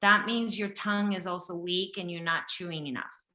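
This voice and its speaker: This intuitive health reader's voice sits on the low side, steady, bright and forceful, at a normal speed in an echoey room. A woman from Japan whose first language is Japanese, she speaks with a slight accent while hosting a live one-on-one reading with a participant. Direct and insistent, she frequently checks in with "okay?".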